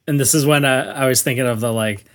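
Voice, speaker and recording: A man's voice: mid-range voice, fast talker. A man co-hosting a podcast in casual chat, adding short enthusiastic comments.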